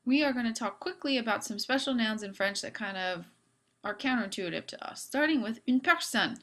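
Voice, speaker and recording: A woman's voice: on the high side, expressive, brisk, pushed and bright. A woman teacher giving a video lesson on French grammar, upbeat with playful asides.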